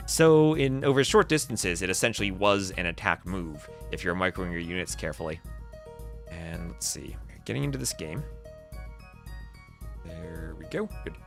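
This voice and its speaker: A man's voice: deep voice, lively intonation, moderate pace, gravelly, over music. A man casting a strategy game on a live stream, calling the play and chatting with his viewers. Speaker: esports caster and stream host.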